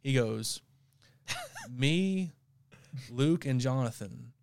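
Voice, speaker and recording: A man co-hosting a podcast, telling a story in casual chat, animated, laughing often and stumbling over repeated words. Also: mid-range voice, extremely slow, creaky, smooth. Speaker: podcast co-host.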